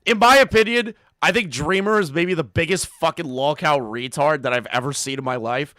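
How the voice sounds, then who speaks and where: A man's voice: fairly high pitch, normal speed, pushed and bright, no room sound, clean studio sound. A man streaming live, reacting to a call with crude, mocking commentary and frequent laughter. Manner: profane, mocking, laughs often.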